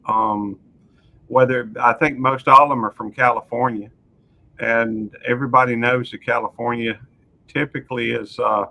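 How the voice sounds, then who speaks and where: A man in his sixties talking in a measured, hesitant way in a casual live stream chat. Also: mid-range voice, steady tone, creaky, sharp tone, low-quality recording. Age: 60s.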